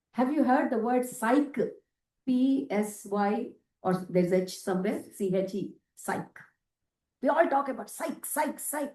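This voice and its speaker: A woman's voice: fairly high pitch, a little mellow. A woman giving a spiritual self-empowerment workshop talk to a live group, emphatic and repetitive, often asking the room questions. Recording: echoey room, mic far off.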